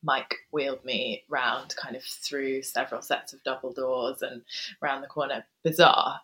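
Low-voiced woman, soft and halting. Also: steady tone, low-quality recording. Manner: soft, hesitant, pausing with ums. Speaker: guest author. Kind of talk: reflective interview storytelling.

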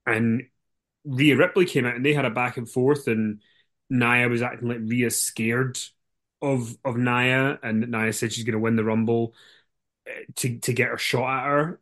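A man's voice: mid-range voice, a bit bright. A man co-hosting a podcast in casual chat, agreeable and lightly teasing. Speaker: podcast co-host.

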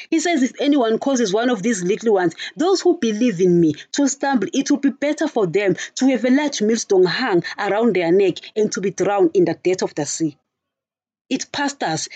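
A woman's voice: on the high side, a little mellow, slightly rough, dry recording. Angry woman preaching on her podcast. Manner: angry, repetitive, addresses listeners as guys. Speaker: podcast host. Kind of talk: impassioned religious podcast monologue.

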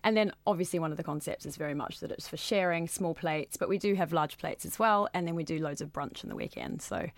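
Woman, thirties, restaurant owner, chatty, enthusiastic, lowish voice, dry sound. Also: very animated, quick pace, gravelly, few pauses, no room sound. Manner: chatty, enthusiastic, frequent ums. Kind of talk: casual interview chat.

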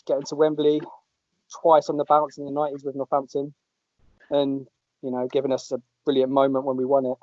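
Male podcast host from England, relaxed and chatty, joking with guests over a dull lo-fi line. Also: medium pitch, dry recording. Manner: chatty, jokey, rambling with restarts. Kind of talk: casual podcast chat. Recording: dull lo-fi audio.

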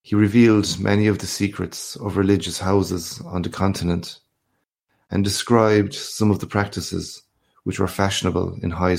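Deep gravelly storyteller. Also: male voice, a little mellow. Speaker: reader. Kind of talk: scripted narration.

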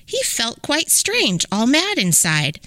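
A woman hosting a podcast, reading a rhyming children's story aloud in an expressive, sing-song way. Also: fairly high pitch, slow, dry recording. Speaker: podcast host.

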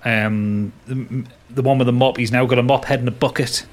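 A man's voice: mid-range voice, fairly even intonation, normal speed. A man narrating a tabletop game as game master, describing scenes and laughing with his players.

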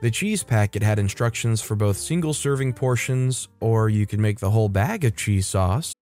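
A man reading internet stories aloud as a narrator, in a brisk storytelling delivery. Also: on the low side, expressive, darkish tone, faint music behind.

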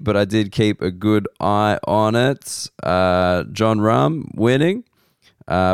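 An Australian comedian hosting a podcast, telling rambling self-deprecating stories slowly, his voice hoarse and worn. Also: lowish voice, dry recording, studio quality. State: losing his voice. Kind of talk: casual comedic monologue.

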